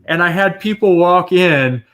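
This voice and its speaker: A man hosting a podcast, chatting casually and telling animated stories with frequent laughter. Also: sits high, unhurried. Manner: animated storytelling, laughs often. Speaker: podcast host. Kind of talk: casual chat.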